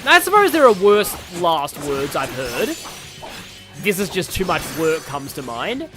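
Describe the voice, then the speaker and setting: A man's voice: on the high side, big pitch swings, measured pace, over music. A man giving casual, rambling, jokey commentary while playing a video game. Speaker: gaming YouTuber. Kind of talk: casual let's-play commentary.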